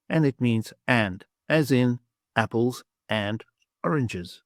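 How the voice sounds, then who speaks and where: A man's voice: on the low side, a little mellow, no echo, clean studio sound. A man with a Greek accent teaching beginner vocabulary, patiently sounding out each word syllable by syllable. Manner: slow, patient, repeats words syllable by syllable. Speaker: language teacher. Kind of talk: slow vocabulary lesson with pronunciation drills.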